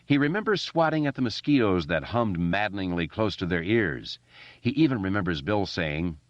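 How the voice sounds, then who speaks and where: Brief: very low male narrator, lively swinging delivery, dry and a bit muffled. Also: moderate pace, no room sound. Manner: expressive reading with character voices. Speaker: audiobook narrator. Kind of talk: scripted narration.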